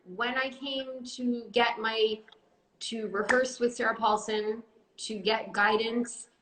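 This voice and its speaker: A woman chatting on a phone live stream, her voice sitting a little high. She tells stories in an animated, giggly way. The room sounds echoey, with a faint hiss underneath. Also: takes it slowly. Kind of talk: casual chat.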